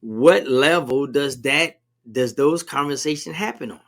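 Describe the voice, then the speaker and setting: A man's voice: medium pitch, measured pace. A man co-hosting a conversation, talking emphatically and asking leading questions. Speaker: podcast co-host. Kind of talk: casual conversation.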